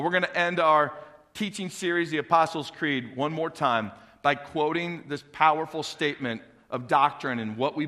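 A man's voice: mid-range voice, sharp tone, long reverb tail. A male pastor preaching a fervent sermon in a church auditorium, asking the congregation questions. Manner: preaching with rising fervor and call-and-response questions.

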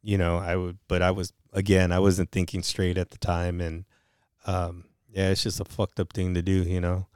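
Low, smooth-voiced man telling a story. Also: completely flat delivery, normal speed, a little mellow, no echo, studio quality. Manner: profane, confessional storytelling. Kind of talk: casual chat.

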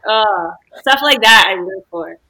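A woman's voice: medium pitch, unhurried, low-quality recording. A young woman, a podcast guest, telling casual stories and acting out what people said. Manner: animated, acts out quoted dialogue. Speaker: guest, beach volleyball player.

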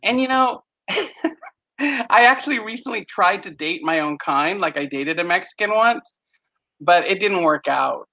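Stand-up comic from Texas, bright tense tone, slightly dull podcast audio, animated punchlines. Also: male voice, high-pitched, a little slow. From Texas, USA. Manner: animated punchline delivery with shouted put-on voices. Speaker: stand-up comedian guest. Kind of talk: stand-up comedy set.

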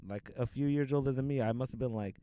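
A man's voice: medium pitch, fast talker, mellow, a little hiss or hum. A young man in casual podcast chat, slangy and profane, filling his talk with "like" and "dude".

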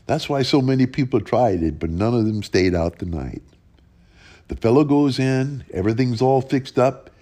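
A man telling an old ghost folk tale in a plain, unhurried folksy way, with lively rises in his voice. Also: medium pitch. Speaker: storyteller.

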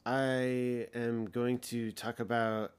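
A man in his thirties talks casually on a podcast, rambling through a story with frequent swearing. He gets heated and loud in places. His voice sits at an ordinary middle pitch. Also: little pitch movement, takes it slowly, smooth. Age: 30s. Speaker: podcast host.

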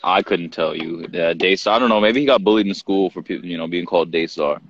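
Relaxed low-voiced man co-hosting. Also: fast talker, no room sound. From Jamaica. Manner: laid-back, laughs often, loose slang. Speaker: podcast co-host. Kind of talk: casual chat. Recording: dull lo-fi sound.

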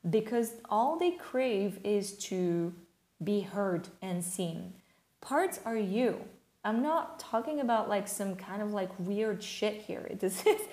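Woman, french is her first language, soft earnest chat with lots of ums, bit of room echo. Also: medium pitch. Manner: earnest, gentle, conversational with many fillers. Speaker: speaker on inner child healing. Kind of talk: reflective personal talk.

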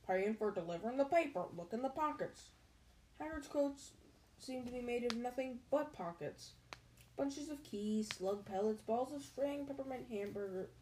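A woman's voice: a little high, dark tone, low-quality recording. A woman reading a children's novel aloud, stopping now and then to chat and answer questions. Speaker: reader.

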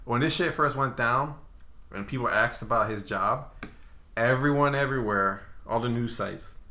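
A man's voice: medium pitch, normal speed, bright, forceful tone. A man co-hosting a podcast, joking and giggling through casual wrestling chat. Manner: joking, giggly, loose delivery. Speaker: podcast co-host.

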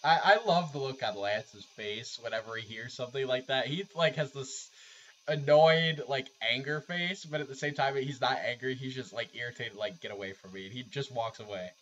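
A man's voice: medium pitch, normal speed, a bit bright. Earnest man speaking on a podcast. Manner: earnest, personal. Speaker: podcast guest. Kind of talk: casual chat. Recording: dull lo-fi sound with faint hiss.

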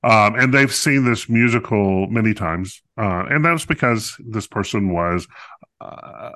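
A man's voice: lowish voice, sharp tone. A man co-hosting a podcast, reviewing a musical in casual chat, talkative and playful with many fillers.

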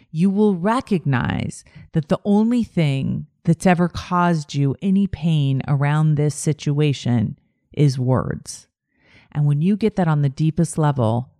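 Woman host, low voice with lively swings, slow calm coaching delivery, dry close sound. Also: no echo. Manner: calm, repetitive, emphatic phrasing. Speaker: podcast host and life coach. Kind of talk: solo podcast teaching monologue.

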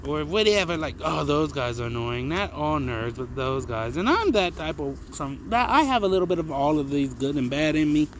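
A man ranting through a solo comedy podcast, profane and meandering and loaded with fillers. His voice sits somewhat high for a man, and there is a faint hiss of noise behind it. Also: sing-song, normal speed, few pauses, low-quality recording. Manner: profane, rambling, frequent fillers. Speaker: podcast host. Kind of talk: casual comedic monologue.

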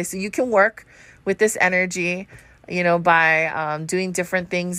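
A woman's voice: lowish voice, fairly bright tone, dry recording. A woman, congested and short of breath, rambling through a casual astrology chat and swearing freely. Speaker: podcast host.

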